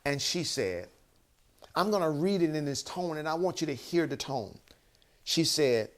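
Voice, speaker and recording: A man's voice: on the high side, sing-song, normal speed. Emphatic male motivational speaker. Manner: emphatic, counts off numbered points. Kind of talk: motivational talk.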